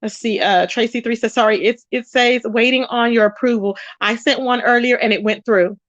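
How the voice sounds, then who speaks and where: A woman's voice: fairly high pitch, steady tone, normal speed, no room sound, lo-fi sound. A woman hosting a casual livestream, talking to viewers and reading their comments aloud. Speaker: livestream host.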